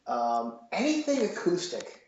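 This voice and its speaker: A man's voice: on the high side, wildly swooping pitch, measured pace, darkish tone. A man in his thirties, a chef, chatting on a podcast in a rambling way with lots of fillers and restarts. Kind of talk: casual podcast interview. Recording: dull, roomy, faint noise.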